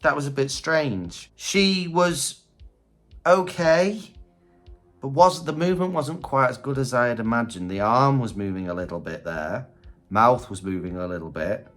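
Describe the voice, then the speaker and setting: A man's voice: mid-range voice, a little slow, a bit bright, faint music behind. A man giving casual reaction commentary on Halloween props, chatty and candid, thinking aloud. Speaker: Halloween prop reviewer.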